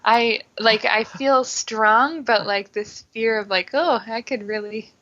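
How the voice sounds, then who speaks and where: A woman's voice: a little high, steady tone, slow pace, sharp tone, dull audio. A woman guest on a podcast, repeating tapping phrases and talking hesitantly with many fillers. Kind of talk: repeating phrases and casual talk.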